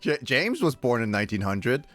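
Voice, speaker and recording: A man's voice: medium pitch, big pitch swings, moderate pace, fairly bright tone, soft background music. A man streaming a game, joking and laughing with friends in casual chat. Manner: joking, giggly, reads game text aloud. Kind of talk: casual livestream chat while playing.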